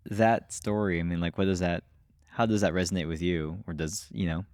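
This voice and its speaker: Deep-voiced man hosting. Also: fairly even intonation, brisk, darkish tone, no room sound, studio quality. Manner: hesitant, rephrasing questions. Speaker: podcast host. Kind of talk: interview questions.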